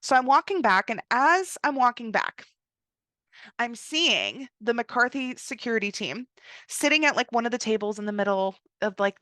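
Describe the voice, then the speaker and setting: A young woman hosting a podcast, telling a personal travel story in a chatty way, full of "like" and quick acted-out asides. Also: medium pitch, no echo, clean studio sound. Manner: chatty, heavy use of "like", animated quoted asides. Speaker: podcast host. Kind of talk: casual storytelling monologue.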